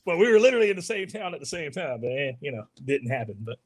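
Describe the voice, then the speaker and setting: A man's voice: on the high side, a bit bright. A man who works as a youth minister, co-hosting a casual live chat in a laid-back, drawling way and laughing often. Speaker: co-host.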